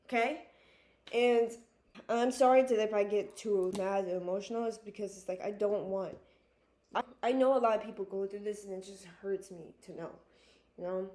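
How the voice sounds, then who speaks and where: In a reverberant space, a young adult woman vlogger speaks to camera at a normal speed, her medium-pitched voice steady and a little mellow. It's a personal confessional about her own struggles, delivered earnestly and emotionally, with frequent "like," restarts, fillers, and repetition.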